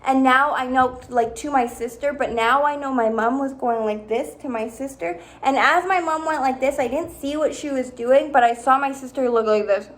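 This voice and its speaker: A young woman tells a story to her viewers in a casual, animated way, putting on voices for the people she quotes. Her voice sits high and light. She sounds like she is chatting at home. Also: moderate pace, few pauses. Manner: dramatic, animated retelling with acted-out quotes. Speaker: vlogger.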